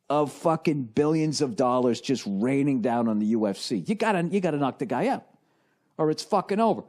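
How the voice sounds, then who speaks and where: A man's voice: mid-range voice, animated, fairly quick, a little mellow. A man in his forties with a Boston accent, telling a rambling, profane comic story on his podcast and mimicking the people in it. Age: 40s. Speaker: comedian and podcast host.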